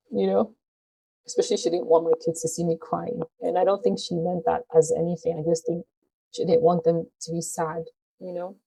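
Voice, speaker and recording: A woman's voice: on the low side, level tone, fairly quick, vocal fry, mellow, a little hiss or hum, low-quality recording. A woman vlogger speaking to her viewers in a heartfelt, earnest way. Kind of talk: personal talk to camera.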